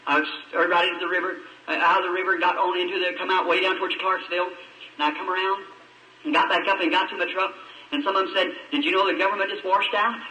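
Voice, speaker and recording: Fervent Southern preacher on an echoey old tape. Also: male voice, high voice, little pitch movement, quick pace, sharp tone. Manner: fervent storytelling, rhetorical questions to the audience. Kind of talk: sermon with a personal story. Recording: echoey old archival sermon recording from far off.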